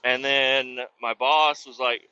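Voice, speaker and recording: Bright-voiced man ranting, lo-fi. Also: medium pitch, steady tone, slow, clean tone, dry recording. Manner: profane, venting rant. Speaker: truck driver. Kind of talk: casual vlog monologue. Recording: dull lo-fi audio with faint road noise.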